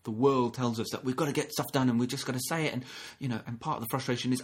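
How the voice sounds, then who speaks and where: A man giving a gentle, reflective sermon, often restarting phrases and acting out short quotes. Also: medium pitch, fast talker, few pauses, husky. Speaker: minister.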